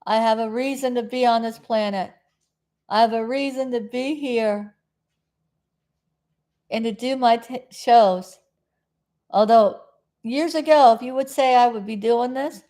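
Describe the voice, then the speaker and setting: Slow, rambling woman chatting on a stream. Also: a little high, warm tone. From South Florida. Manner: chatty, meandering, loses her train of thought. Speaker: live-stream host. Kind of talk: rambling casual live-stream chat.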